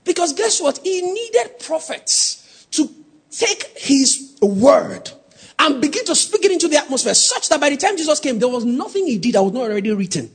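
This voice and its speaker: A man preaching a sermon, teasing the congregation and building to shouted emphasis. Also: very high-pitched, big pitch swings, normal speed. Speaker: pastor.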